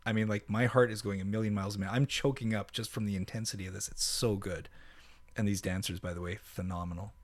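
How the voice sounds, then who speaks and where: A man with a fairly low voice gives a casual music review. He talks with open enthusiasm, stopping and restarting his sentences and filling the gaps with ums and uhs. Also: steady tone. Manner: enthusiastic, halting with many fillers and restarts. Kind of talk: casual reaction commentary.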